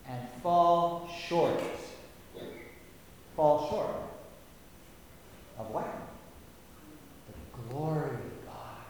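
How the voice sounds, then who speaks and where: A man preaching a sermon, swinging between hushed asides and loud, emphatic lines. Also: fairly high pitch, slight background noise. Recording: echoey hall, voice from far off.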